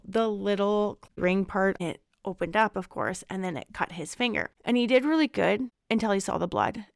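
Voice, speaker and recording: A woman in her thirties speaks in a candid, reflective monologue as a podcast host. Her voice is smooth and resonant with a gravelly edge at the ends of phrases. The recording is dry and close, with no room sound. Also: mid-range voice, dry recording. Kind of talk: casual personal reflection.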